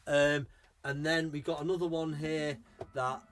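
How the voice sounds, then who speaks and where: A man's voice: a little high, flat delivery, a little slow, slight background noise. A man, chatting casually on video and showing off his finds. He talks with rambling enthusiasm and swears freely. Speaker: collector showing his purchases.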